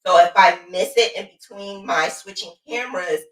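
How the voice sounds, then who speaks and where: A woman hosting a casual crochet livestream, lively and playful, chatting to viewers and greeting them by name. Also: mid-range voice, normal speed. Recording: roomy sound, mic at a distance.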